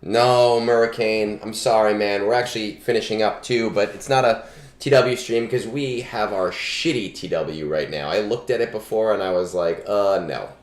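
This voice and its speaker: A man streaming live and giving game advice in a relaxed, chatty way, full of ums, on a cheap starter microphone. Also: fairly low pitch, moderate pace. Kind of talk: casual live-stream chat. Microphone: budget starter microphone. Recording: echoey room, cheap mic.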